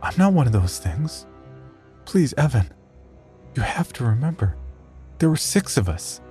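A man's voice: mid-range voice, very animated, a little slow, warm tone, faint music behind, pitched above the performer's own voice. A man voicing a frightened young woman who pleads desperately with her boyfriend. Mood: urgent pleading.

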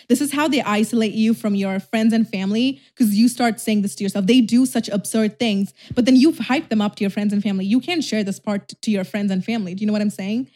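A young woman influencer telling a storytime vlog, chatty and animated, with lots of "like". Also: medium pitch, fast.

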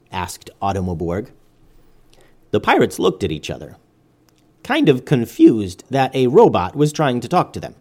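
A man narrating a children's story as host, in an expressive storytelling manner. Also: lowish voice, normal speed.

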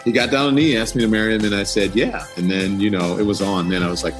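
A man's voice: on the low side, fast, music in the background. A man, a news anchor appearing as a guest, tells a personal story in a podcast interview, acting out the dialogue and laughing often. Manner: animated, acts out quoted dialogue, laughs often.

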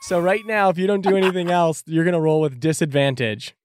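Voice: medium pitch, fairly even intonation, a little fast, darkish tone, dry recording, clean studio sound. A game master narrating a tabletop game in a casual, chatty way, with frequent fillers.

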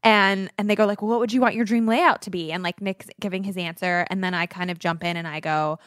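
A woman's voice: medium pitch, steady tone, fast, a bit bright, dry recording, studio quality. A woman in her thirties, a podcast co-host, telling a long personal story in casual chat, full of fillers and acted-out quotes.

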